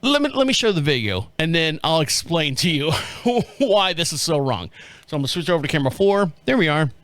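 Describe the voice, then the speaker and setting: A man's voice: fairly high pitch, very animated, a little fast, fairly bright tone, no room sound. A middle-aged man from the States, hosting a podcast in a rambling, joking way and chuckling often. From southern United States. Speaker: podcast host. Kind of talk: casual chat.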